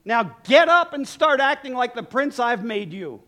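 Male preacher doing a generous king; earnest, emphatic, highish. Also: big pitch swings, unhurried, a bit bright, heavily acted. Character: kind generous king, grown man, warm-hearted.

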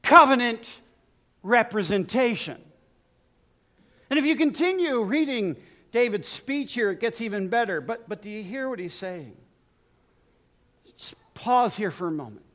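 High-voiced, lively male preacher. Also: a little slow, long pauses. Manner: lively, humorous, laughs at his own jokes. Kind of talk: sermon.

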